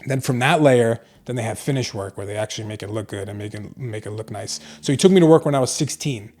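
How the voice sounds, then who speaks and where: A man's voice: lowish voice, fast, darkish tone. A man hosting his own podcast, speaking casually and earnestly about leadership, with the odd swear word. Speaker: podcast host, clinic owner. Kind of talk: casual solo podcast monologue.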